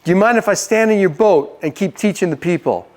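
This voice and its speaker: A preacher voicing Jesus, calm and assuring. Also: male voice, high voice, a little fast. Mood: polite. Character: calm, patient, assuring grown man, Jesus.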